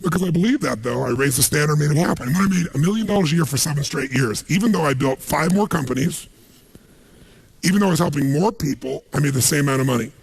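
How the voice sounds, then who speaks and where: Gravelly husky american guy pumping up a big seminar crowd, commanding, keeps firing calls back at the room, a bit higher pitched than most men. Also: expressive, fast talker. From United States. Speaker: motivational speaker. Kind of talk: stage seminar talk to a live audience. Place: large seminar hall.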